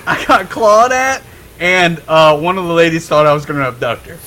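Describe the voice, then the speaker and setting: A young man on a podcast telling a story in a casual, animated way, swearing freely and laughing as he goes. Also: a little high, brisk, poor audio. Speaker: podcast guest.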